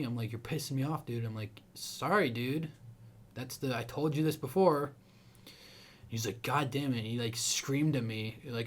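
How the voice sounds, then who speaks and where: A man's voice: medium pitch, moderate pace. Young man telling crude stories. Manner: crude, swearing, animated storytelling; acts out angry people with a raised voice. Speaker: podcast co-host. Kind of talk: casual chat.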